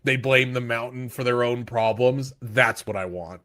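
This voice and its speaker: Jokey, animated man on a podcast. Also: medium pitch, normal speed, no echo, clean studio sound. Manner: animated, jokey, swings into exaggerated impressions. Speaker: podcast co-host. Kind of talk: casual, profane banter.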